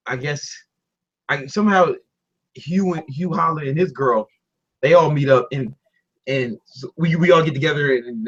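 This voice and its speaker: A young man telling a story in casual talk, animated and laughing, doing voices for the people in it. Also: mid-range voice, husky, highs cut off. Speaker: guest storyteller.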